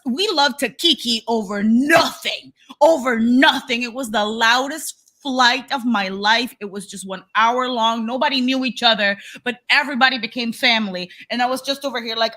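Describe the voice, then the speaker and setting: A woman from Panama, co-hosting a podcast, telling stories in a blunt, animated way and swearing freely. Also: on the high side. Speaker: podcast co-host. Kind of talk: casual chat. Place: indoor podcast studio.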